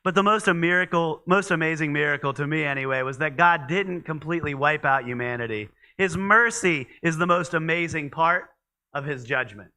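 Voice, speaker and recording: A man teaches in a church in a loose, conversational sermon style. His voice is very bright and ringing, clean and smooth, and pitched a little high for a man. He trips over his words often and keeps going with fillers and restarts. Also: a little fast. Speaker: pastor.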